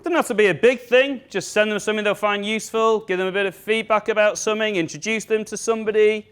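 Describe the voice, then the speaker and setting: A man running a live sales training session for an audience, upbeat and joking as he gives brisk instructions. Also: high-pitched, steady tone, a bit bright, clean tone. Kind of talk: live workshop talk to an audience. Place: event room with an audience.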